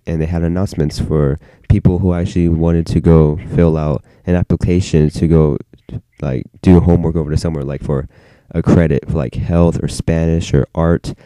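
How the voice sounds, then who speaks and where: A man's voice: very deep voice, dark tone, dry recording, rough recording. A teenage boy vlogger telling a story from his own life in a casual, rambling way, full of "like" fillers. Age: teens.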